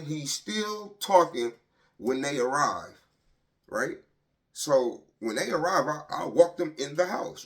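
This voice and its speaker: A man telling the story of losing his son. He speaks heavily and haltingly, and keeps checking in with "right?" and "you know". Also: a little high, a bit bright. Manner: heavy and emotional, voice dropping when he speaks of his pain. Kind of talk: personal storytelling to camera.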